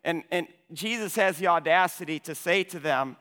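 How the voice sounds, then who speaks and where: A man delivering a sermon, pitched a little high and bright in tone. He swings from loud, urgent passages to hushed ones, often repeating a word before pushing on. His voice carries a long reverb, as in a large hall. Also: normal speed, clear, resonant tone. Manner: impassioned, repeats words when starting phrases, swings from loud to hushed. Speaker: pastor.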